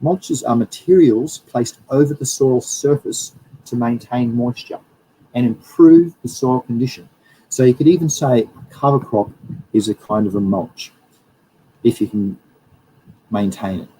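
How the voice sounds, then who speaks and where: A man's voice: mid-range voice, measured pace, dark tone, slight background noise, low-quality recording. A man hosting a live stream, chatting loosely and correcting himself as he reads through slides. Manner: rambling, self-correcting, chatty. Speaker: livestream host, plant scientist. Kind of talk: casual livestream talk, reading through slides.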